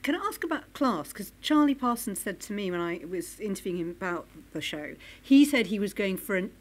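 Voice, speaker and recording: A woman hosting an onstage interview at a live Q&A, asking measured, conversational questions. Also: mid-range voice, expressive. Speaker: interviewer and event host. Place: stage at a live film-institute Q&A event.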